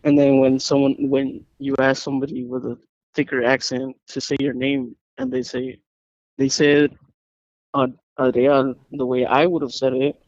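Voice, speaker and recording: A man co-hosting a podcast in casual chat, relaxed and laughing easily. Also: medium pitch, normal speed, no room sound. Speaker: podcast co-host. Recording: dull, dry lo-fi mic.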